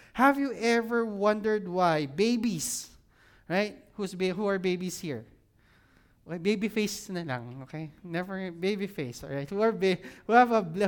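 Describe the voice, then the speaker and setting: Pastor preaching to a congregation. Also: male voice, high-pitched, smooth. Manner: engages the audience with repeated questions; repeats key phrases for emphasis. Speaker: senior pastor. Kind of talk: sermon with scripture reading and prayer. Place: church service room with an audience.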